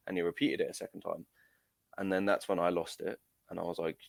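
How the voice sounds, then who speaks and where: A young man, an amateur footballer appearing as a guest, casually recounts a story in an interview with plenty of fillers, hesitations, and restarts. His voice is low and carries vocal fry, and he talks quickly. The recording has no echo.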